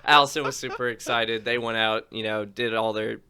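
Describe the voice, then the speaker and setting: A man's voice: on the low side, fairly even intonation, a little fast, pushed and bright, smooth. A man co-hosting a podcast in casual chat, laughing and swearing freely as he tells stories. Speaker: podcast co-host.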